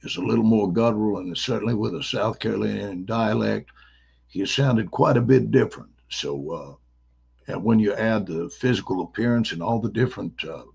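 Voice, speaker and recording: A middle-aged man with a Southern accent tells stories in an animated, playful way. His voice is gravelly and husky. He is a guest in a relaxed interview. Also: fairly low pitch, normal speed, lo-fi sound. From American South. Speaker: actor guest. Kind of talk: casual interview storytelling.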